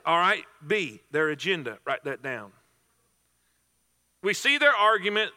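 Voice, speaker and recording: A man's voice: high-pitched, big pitch swings, measured pace, pauses often, pushed and bright, long reverb tail. A man preaching a sermon to a congregation, emphatic, repeating phrases and restarting himself. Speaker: pastor.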